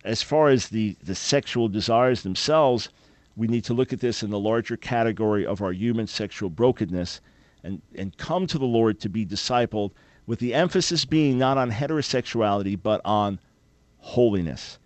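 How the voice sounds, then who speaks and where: A man's voice: on the low side, moderate pace, darkish tone, dry recording. Earnest, emphatic male radio host. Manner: emphatic, earnest preacher-like delivery. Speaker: radio talk show host. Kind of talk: call-in radio talk.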